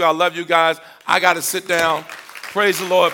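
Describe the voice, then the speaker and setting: Bright-voiced preaching pastor, call-and-response. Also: male voice, on the high side, flat delivery, moderate pace, some chatter behind, slight background noise. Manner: preaching with call-and-response, playful asides to the congregation. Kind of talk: sermon.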